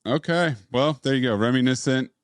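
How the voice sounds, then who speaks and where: A man's voice: medium pitch, brisk, no echo. A man co-hosting a podcast in casual chat, wry and teasing. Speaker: podcast co-host.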